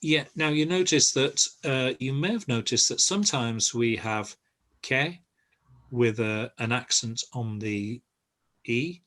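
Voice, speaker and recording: Older male teacher on a video call, unhurried and hesitant, mid-pitched voice. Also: fairly bright tone. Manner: patient, halting explanations with many pauses. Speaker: language teacher. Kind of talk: online group lesson.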